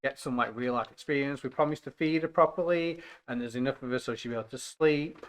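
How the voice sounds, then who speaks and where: A man's voice: mid-range voice, fast. A man playing in a tabletop game, hesitant and often restarting his sentences. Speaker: player. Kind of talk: casual tabletop play.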